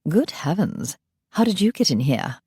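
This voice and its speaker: A woman reads as a haughty vampire club owner with a snooty British accent, looking down on everyone. Her delivery is crisp and superior in a dry audiobook reading. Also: low voice, sing-song, moderate pace, warm tone, dry recording, heavily acted.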